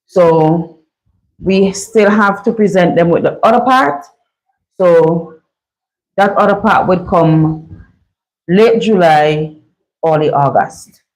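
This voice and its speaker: A woman's voice: fairly low pitch, slow pace, pauses often, a little mellow, rough recording. A woman with a Vincentian accent hosting a casual live chat with viewers, chatty and playful and laughing often. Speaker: live-stream host.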